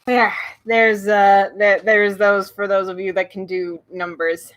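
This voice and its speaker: A woman reading a children's novel aloud, with chatty, animated asides. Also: mid-range voice, unhurried. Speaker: storybook reader.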